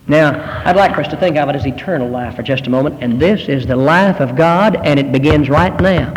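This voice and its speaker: A man's voice: a little high, big-room sound, poor audio. An older man preaching a sermon, telling stories with earnest, rising emphasis.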